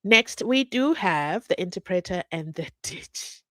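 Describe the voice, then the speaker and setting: Reading viewer comments on her true crime live stream, this South African host chats casually and laughs a lot, tossing out mock-incredulous questions. Her low-leaning voice is expressive, unhurried, pushed, and bright, and the recording carries no echo.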